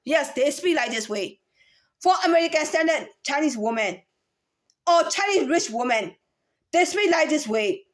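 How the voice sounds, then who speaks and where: A voice coach with a high-pitched, animated voice lectures at a moderate pace. She demonstrates assorted speaking voices, switching among them and repeating herself insistently.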